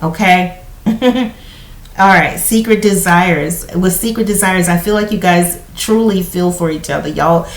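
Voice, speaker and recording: A woman's voice: lowish voice, a little slow. A woman giving a casual spoken tarot reading to her viewers, talking in a chatty, conversational way and often checking in with "you know" and "okay?". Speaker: tarot card reader. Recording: roomy echo.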